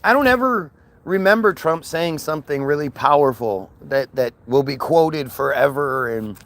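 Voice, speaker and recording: A man's voice: on the high side, lively intonation, moderate pace, a bit bright. A man ranting in a casual monologue, profane, scornful and rambling with many restarts. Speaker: vlogger.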